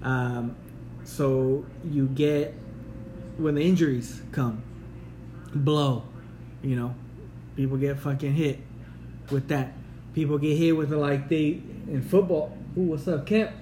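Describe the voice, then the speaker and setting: A man's voice: on the high side, steady tone, slow, pauses often, mellow, slight background noise, poor audio. A man co-hosting a casual sports chat, laid-back and profane, tacking "man" and "dude" onto his lines. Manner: laid-back, swears often, says "man" and "dude" a lot.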